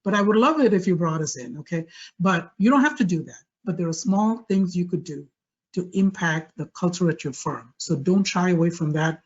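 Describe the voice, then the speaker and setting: Presenting a webinar over a video call, a high-voiced man speaks at a normal speed with energy and emphasis, repeating key phrases to drive his points home. The call audio is a little dull and lo-fi.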